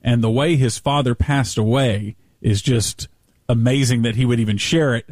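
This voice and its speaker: A man hosting a podcast, introducing the episode in a relaxed way with chuckles. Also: mid-range voice, moderate pace, no room sound, studio quality. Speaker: podcast host. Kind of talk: show introduction.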